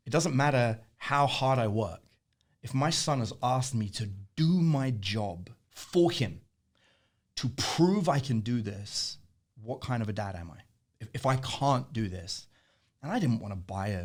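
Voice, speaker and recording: Animated man telling a story. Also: mid-range voice. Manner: animated, acts out the voices in his stories; swears casually. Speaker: interview guest. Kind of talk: casual storytelling in an interview.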